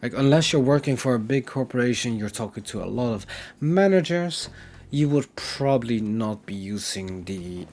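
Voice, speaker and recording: A man's voice: medium pitch, lively intonation, normal speed, darkish tone. A man with a Dutch accent teaching his language on a casual livestream, rambling and correcting himself as he explains with examples.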